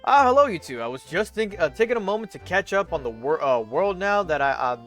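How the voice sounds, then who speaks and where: A man's voice: sits high, big pitch swings, brisk, a bit bright, faint music behind, pitched above the performer's own voice. A man voicing a cheerful, polite male professor, reading the lines breezily with small stumbles.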